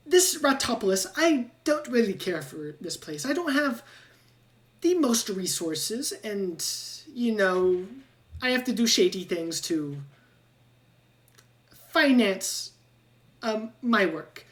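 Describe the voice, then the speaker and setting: A woman voicing an eccentric, shady male rat scientist who squeaks and clings to his new friend. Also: very animated, takes it slowly, pauses often, recorded from a distance. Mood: eager. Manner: squeaky, ends lines with squeak squeak.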